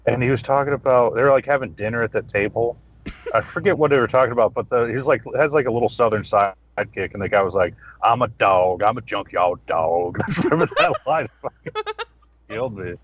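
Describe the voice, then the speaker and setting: A male podcast guest chatting casually, rambling and swearing in a relaxed way. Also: medium pitch, fast talker, slightly rough, dry recording. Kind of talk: casual profane chat. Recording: dull lo-fi sound.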